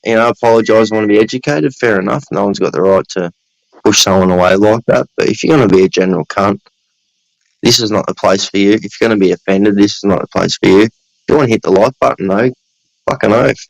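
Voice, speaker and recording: A man's voice: fairly low pitch, fast talker, vocal fry, no room sound, poor audio. An Australian man hosting a casual chat in a blunt, sweary, earnest way.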